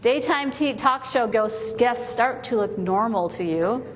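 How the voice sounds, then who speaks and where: A woman with a slightly high voice delivers a Christian talk to mothers, mixing jokes and heartfelt stories. Her voice rings out in a large hall with a long reverb. A faint noise sits under the recording. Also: expressive, a little slow. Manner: storytelling, comic timing, earnest. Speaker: Christian women's speaker. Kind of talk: humorous inspirational talk.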